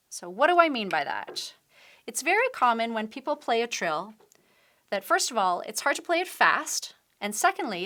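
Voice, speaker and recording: Lively-voiced woman teaching piano. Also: fairly high pitch. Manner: patient, explains step by step while demonstrating at the piano. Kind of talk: piano tutorial instruction. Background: piano playing.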